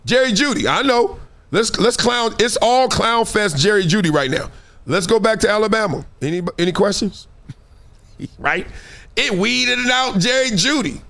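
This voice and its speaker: High-voiced, animated sports talk host. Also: male voice, unhurried, vocal fry. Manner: animated, slangy, acts out quoted people.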